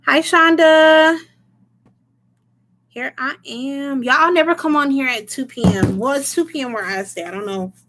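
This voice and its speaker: A woman's voice: sits high, moderate pace, few pauses, fairly bright tone, a little hiss or hum. A woman doing a casual livestream as a tarot reader, chatting, laughing often and greeting viewers by name.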